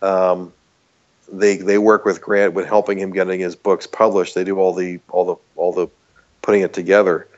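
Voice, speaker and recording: A man's voice: sits low, level tone, moderate pace, dull audio. A man from Canada with a Canadian accent, a guest chatting casually and earnestly in an interview, with some restarts. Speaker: podcast guest.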